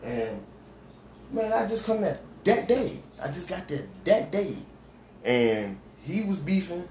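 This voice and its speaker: This storyteller's voice sits high and a little mellow, swinging widely in pitch as he rambles through a long tale in casual chat. He uses heavy street slang, voices the quoted dialogue himself, and keeps stumbling over fillers and restarts. It's recorded in an echoey room with background noise.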